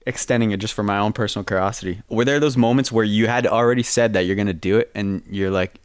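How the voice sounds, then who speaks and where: A man's voice: lowish voice, fast, few pauses, smooth, dry recording, clean studio sound. A man hosting a podcast, asking curious questions in a casual manner and swearing freely. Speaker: podcast host. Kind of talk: casual interview chat.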